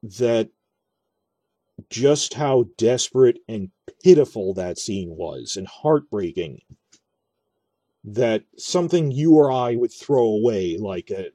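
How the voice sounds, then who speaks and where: A man's voice: medium pitch, animated, slow pace, dark tone, slightly rough, dry recording. A man giving earnest, rambling spoken commentary on a TV series, often restarting and correcting himself. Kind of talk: casual video commentary on a TV series.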